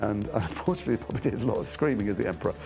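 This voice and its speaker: A middle-aged man speaking in a low, gravelly voice as he recalls stories from his acting work. He talks reflectively, restarting sentences and poking fun at himself. Soft music plays faintly underneath. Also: expressive, rapid-fire. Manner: thoughtful, trailing restarts, self-deprecating. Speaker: actor interviewed about his career. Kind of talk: reflective anecdotal interview.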